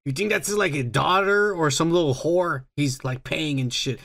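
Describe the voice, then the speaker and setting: A man's voice: on the high side, normal speed, vocal fry, fairly bright tone. A man co-hosting a podcast, chatting casually and rambling, swearing and restarting his sentences. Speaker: podcast co-host. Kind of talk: casual chat.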